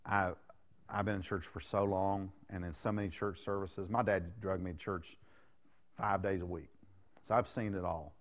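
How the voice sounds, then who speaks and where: A man in his late thirties delivers a sermon in a folksy, chatty way, speaking to the room as if to friends. He keeps asking the listeners questions and teasing them along. His voice sits fairly low. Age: 30s. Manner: folksy, conversational preaching with rhetorical questions to the congregation. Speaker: preacher.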